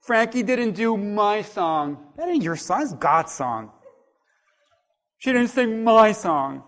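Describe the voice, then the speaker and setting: A pastor preaching a sermon, swinging from quiet asides to loud, animated calls and acting out what people say. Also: male voice, sits high, takes it slowly.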